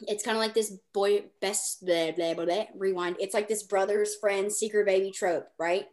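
Excitable, gushing woman podcast host. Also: mid-range voice. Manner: excitable, gushing, fast bursts. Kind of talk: casual podcast chat.

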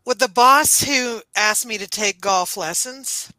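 A woman's voice: a little high, slow, pushed and bright, no room sound, poor audio. A woman co-hosting a podcast, chatting casually and laughing along. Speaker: co-host. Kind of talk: casual chat.

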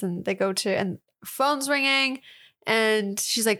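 A woman's voice: a little high, unhurried, fairly bright tone. A young woman co-hosting a podcast, casually recapping an old film and admitting what confused her. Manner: easygoing, candid about her confusion, recaps the plot. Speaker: podcast co-host.

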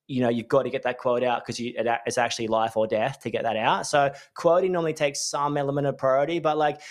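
An Australian man in his thirties hosts his own podcast. He rambles cheerfully and corrects himself as he goes, at a middle pitch. His delivery is relaxed, upbeat and chatty. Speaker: business coach and podcast host. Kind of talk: casual solo podcast talk.

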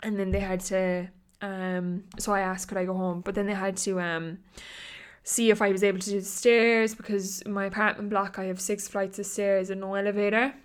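A woman's voice: mid-range voice, flat delivery, moderate pace, clear, resonant tone. A young Irish woman in her twenties talking in a loose, casual chat. She rambles and fills her sentences with "like", breaking into short laughs as she goes. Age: 20s. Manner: chatty and rambling, peppered with "like", laughs often.

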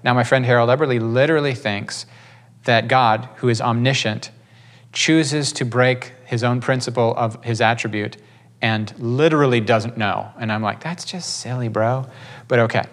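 A man's voice: mid-range voice, fairly even intonation, moderate pace, a bit bright. A man leading a church class, teaching and telling stories informally, rambling with restarts and acting out quotes.

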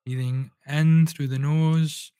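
A man, a breathwork coach, guiding listeners through a breathing exercise with calm, slow, soothing instructions. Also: on the high side, smooth, no echo.

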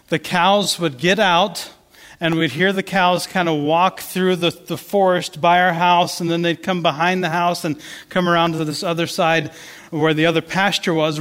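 Male pastor, conversational storyteller, fairly high voice, reverberant church hall. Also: fairly bright tone. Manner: storytelling, conversational with many restarts. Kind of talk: sermon.

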